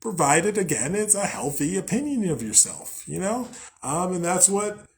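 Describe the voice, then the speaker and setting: A man's voice: high-pitched, animated, normal speed. Rambling young man with casual spiritual talk. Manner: rambling, swears often, many "like" and "right?". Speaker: host.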